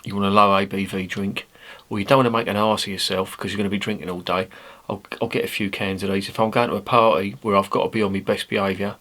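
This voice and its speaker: A man's voice: fairly low pitch, little pitch movement, fast talker, fairly bright tone. A man, giving a casual, rambling, sweary beer review monologue. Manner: rambling, sweary, blunt banter.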